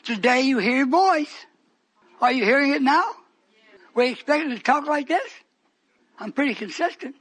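A male preacher giving a fiery sermon, repeating phrases for emphasis and swinging between shouts and hushed whispers. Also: very high voice, expressive, moderate pace, long pauses.

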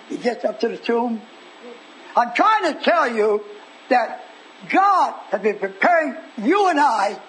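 A man's voice: extremely high pitch, low-quality recording. A man preaching a dramatic sermon, acting out scenes and calling out to his congregation. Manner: theatrical, acts out scenes, calls out to the congregation. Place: church. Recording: live church service with congregation.

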